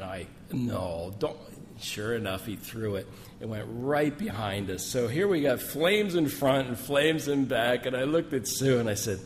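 A man speaking as a missionary at a gathering, telling folksy, joking stories full of asides. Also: mid-range voice. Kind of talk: sermon with personal stories. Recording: long hall reverb, faint room noise.

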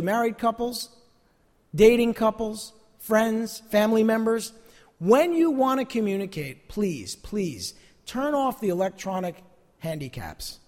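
Male pastor, sermon, lively swooping delivery, long hall reverb. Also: sits high. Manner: earnest, animated preaching with emphatic repetitions.

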